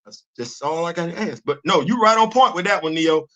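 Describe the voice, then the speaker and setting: Older man host, high bright voice, stammery restarts. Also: fairly quick. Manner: animated, repeats words when he starts a sentence. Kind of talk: livestream commentary.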